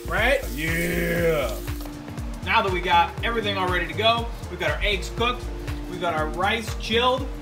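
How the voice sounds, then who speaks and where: A young man hosting a casual home cooking video in his kitchen, joking and rambling with lots of fillers. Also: high voice. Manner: joking, rambling, lots of fillers and "you know what I mean". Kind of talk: casual cooking show chat.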